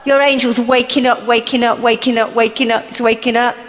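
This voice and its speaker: Lady preaching, all fire, goes from whispery to shouting, kinda high voice, big echoey hall. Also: flat delivery, a little fast, a faint crowd. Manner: impassioned, swinging from hushed murmurs to roaring shouts. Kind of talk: charismatic sermon.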